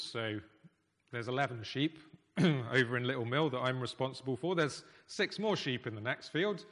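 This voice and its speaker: A man preaching a sermon in a conversational, emphatic way, with pauses. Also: mid-range voice, a bit bright. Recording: echoey hall reverb.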